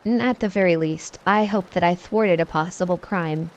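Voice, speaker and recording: A woman narrating a first-person scary story in a steady, matter-of-fact way. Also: on the low side, moderate pace, lo-fi sound. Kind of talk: scripted horror story narration.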